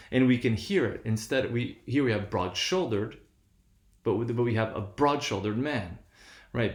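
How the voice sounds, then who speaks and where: A man's voice: medium pitch, reverberant. A man giving a patient, explanatory lecture, often checking in with his listeners as he goes. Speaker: university lecturer. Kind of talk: recorded lecture.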